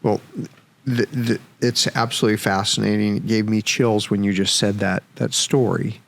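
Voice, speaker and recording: Gravelly man telling a frank story. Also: on the low side, moderate pace. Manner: frank, animated, swears freely. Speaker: podcast guest. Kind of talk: casual storytelling.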